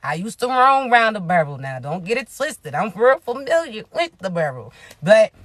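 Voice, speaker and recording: A woman who works as a spiritual advisor, giving a casual, animated pep talk full of slang, preaching at times and often laughing. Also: medium pitch, normal speed, no echo.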